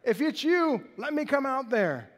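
A man voicing an impulsive, eager male disciple who blurts things out, pitched higher than his own voice. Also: unhurried, in a large hall, heavily acted. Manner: excited, blurting.

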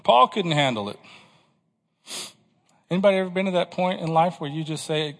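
A man's voice: on the high side, normal speed, creaky, long pauses, a bit bright, big-room sound. A man preaching a sermon to his congregation, asking questions and pressing his points with emphasis. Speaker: pastor.

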